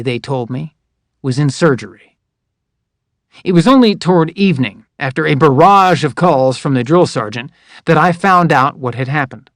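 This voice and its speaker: A man reading a first-person memoir aloud in a measured, wry, matter-of-fact way, close to the mic. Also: on the high side, dry recording. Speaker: narrator.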